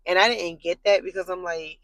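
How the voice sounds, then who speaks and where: A woman telling a long personal story straight to camera in a casual, rambling way, full of fillers and blunt swearing, getting animated when she's worked up. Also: a little fast, no room sound, low-quality recording. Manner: animated, jumps high in pitch when worked up.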